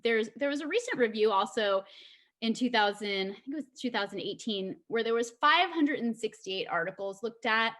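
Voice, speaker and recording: A woman's voice: a little high, animated, normal speed, a bit bright. A woman giving an online presentation in a conversational way, with many filler ums.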